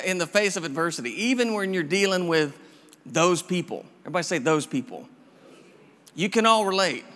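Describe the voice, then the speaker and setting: Pastor preaching in a reverberant hall. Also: male voice, a little high, a bit bright. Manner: casual, repetitive, encouraging preaching with many restarts. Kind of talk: sermon.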